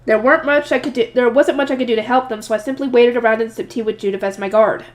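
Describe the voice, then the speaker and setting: Woman, slightly nasal, higher pitch, casual novel reader with chatty asides. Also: steady tone, fast talker. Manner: chatty asides, emotional, some stumbles. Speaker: audiobook reader.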